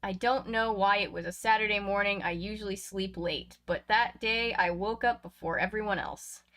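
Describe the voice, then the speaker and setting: A woman reading a book aloud, her tone bright and forward. She drops chatty, laughing asides between the passages. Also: mid-range voice, normal speed. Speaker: reader of a book.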